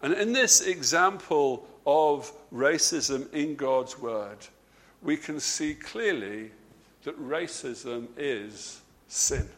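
A man preaching a sermon, stressing key words by slowing down and dropping his voice, with frequent repeated words and restarts. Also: expressive, a bit bright. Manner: emphatic, slows and drops low on key words.

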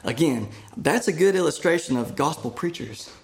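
Male preacher, middle-aged, sermon, emphatic, loud-to-hushed swings, slightly high voice. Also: animated, moderate pace, gravelly.

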